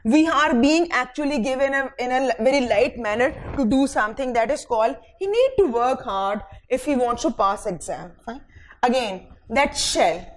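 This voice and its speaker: A woman's voice: high voice, expressive, moderate pace, low-quality recording. A woman teaching English grammar in a recorded lecture, dictating example sentences word by word and checking in with "fine" between points, with a Pakistani English accent.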